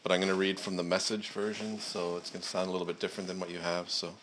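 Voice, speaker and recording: Low-voiced man reading scripture at a church service. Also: little pitch movement, fairly bright tone, slight background noise. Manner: measured, with frequent "uh" and "um" fillers. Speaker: preacher.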